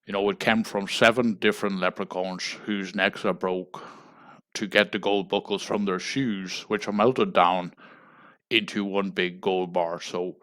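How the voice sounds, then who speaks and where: An Irish man making a deadpan mock fundraising appeal on a livestream, pleading and tagging "folks" onto nearly every phrase. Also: sits low. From Ireland. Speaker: comedic livestreamer.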